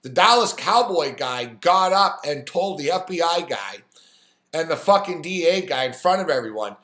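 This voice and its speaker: A man hosting a sports talk live stream, telling a story in an animated, profane rant full of quoted voices. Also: fairly high pitch, normal speed, reverberant.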